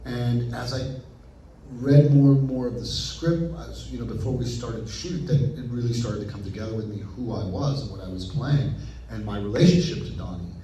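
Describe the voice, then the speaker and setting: A man talks as an interview guest, his voice mellow and dark in tone. He tells stories animatedly, acting out his own past thoughts in quick asides. The recording sounds distant and heavily roomy, with faint ambience behind him. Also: medium pitch, slight background noise. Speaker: actor guest. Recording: roomy echo, picked up from a distance.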